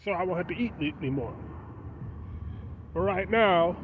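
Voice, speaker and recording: A man's voice: high voice, animated, moderate pace. A man talking casually to his viewers in a preachy monologue, firing off rhetorical questions. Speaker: vlogger. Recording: dull lo-fi sound with faint street noise.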